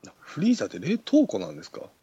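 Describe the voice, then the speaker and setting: A co-host on a podcast gives quick, brief replies and laughs along with the jokes. The voice is husky and talks very fast, with a lot of lift and fall in pitch. It sounds dull and lo-fi. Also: huge pitch swings, dark tone, no room sound. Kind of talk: casual chat.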